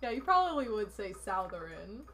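A young woman live-streaming a party card game, chatting casually and teasing her partner with animated exclamations. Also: fairly high pitch, moderate pace.

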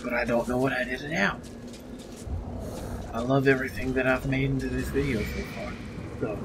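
A man's voice: mid-range voice, fairly even intonation, normal speed. Male let's-play commentator, casual and jokey, easily spooked, noisy background hum. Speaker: gameplay commentator.

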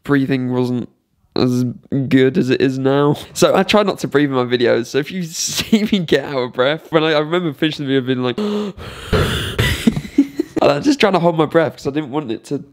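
A man's voice: mid-range voice, fairly quick. A young man, reacting to his old video in a casual vlog, mocking himself and laughing often. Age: young adult. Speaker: vlogger.

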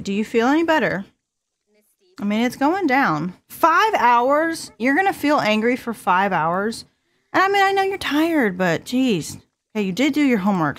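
A woman in her twenties hosting a casual gameplay commentary, chatty and giggly, talking to her characters as she plays. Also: medium pitch. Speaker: let's play host.

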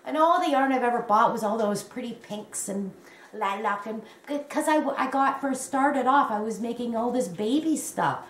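A woman's voice: on the high side, normal speed. Gushing woman in an echoey room. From Canada. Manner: gushing and excitable, with many exclamations. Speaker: crochet vlogger. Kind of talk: unboxing a gift on camera. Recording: echoey room with faint noise.

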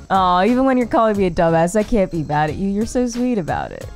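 Brief: woman streamer, animated, self-deprecating, swears casually; very lively pitch. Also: quick pace. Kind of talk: casual game commentary. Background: faint game music.

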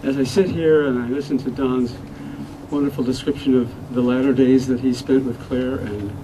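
An older man offers a halting, heartfelt tribute to a gathered audience, restarting his sentences as he goes. His voice sits at an ordinary pitch and sounds distant from the microphone. A clear noise floor runs beneath it. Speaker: old friend giving a memorial tribute. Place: memorial gathering room. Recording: distant mic with steady noise.

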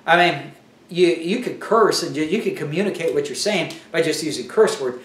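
A man's voice: on the high side, lively intonation, moderate pace, fairly bright tone, far from the mic. Man teaching scripture in an echoey room. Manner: conversational teaching with frequent restarts and fillers. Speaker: bible teacher. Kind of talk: sermon.

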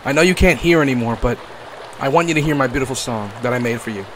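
A young man giving comedic gameplay commentary, playful and crude, swinging from mock-tender talk to yelling and swearing. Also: medium pitch, quick pace, heavy background noise. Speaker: gaming YouTuber.

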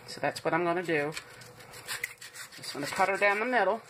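A woman hosts a home cooking demo from her own kitchen, talking to her viewers at a fairly quick clip with a chatty, reassuring manner. Though a little low, her voice comes across bright and forceful, and a faint hiss runs beneath the recording.

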